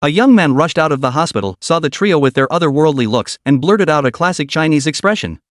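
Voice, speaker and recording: A man's voice: on the high side, lively intonation, a little fast, no room sound, studio quality. A man narrating a comic recap story in a dramatic, scripted storytelling way.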